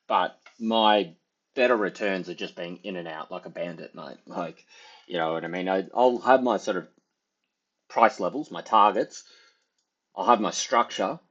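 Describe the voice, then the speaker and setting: A man's voice: low-pitched, unhurried, fairly bright tone, slightly rough, dull audio. A man, giving casual, rambling market commentary as a trader, full of fillers and hedges. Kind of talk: casual market analysis over charts.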